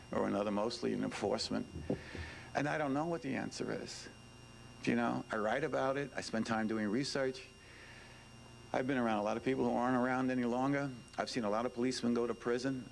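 A man's voice: mid-range voice, creaky, slight background noise, low-quality recording. A man, a former detective giving an informal talk to students, emphatic and repetitive, with many "you know"s. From New York. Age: 70s.

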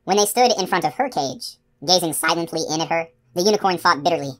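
Woman, audiobook narrator, low voice, steady expressive reading. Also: quick pace. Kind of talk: scripted narration of a novel.

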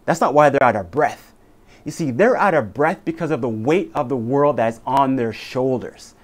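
A man giving an emphatic, dramatic motivational speech that leans on repeated lines. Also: fairly high pitch. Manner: dramatic, repetitive, emphatic delivery. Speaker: motivational speaker.

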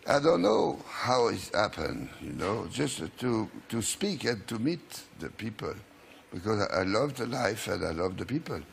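A man's voice: on the low side, sing-song, moderate pace, gravelly, a little hiss or hum. A man in his seventies with a French accent, a chat show guest who halts as he searches for English words. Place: television studio.

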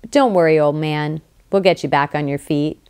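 A woman's voice: low voice, moderate pace, darkish tone, clear, resonant tone. A woman voicing a laid-back young male clone stoner who teases an old man in an offhand way. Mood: teasing. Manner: teasing, offhand.

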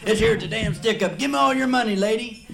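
A comedian voicing a crude male stick-up man with a gruff, leering country drawl. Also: high-pitched, fast talker, a crowd in the background, pitched above the performer's own voice, rough recording.

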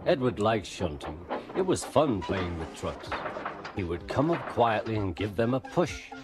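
A man narrating a children's storybook tale in an expressive, animated way. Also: lowish voice, a little slow, over music.

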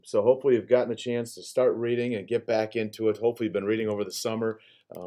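A man's voice: fairly low pitch, mellow. A man from the school staff greets students in a friendly, upbeat way and reads a picture book aloud.

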